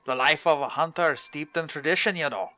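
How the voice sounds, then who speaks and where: A man voicing a gruff male dwarf quest-giver in a clumsy put-on Scottish accent, reading in a brusque, booming way. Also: fairly quick, sharp tone, no room sound. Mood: hearty. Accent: Scottish, put on badly.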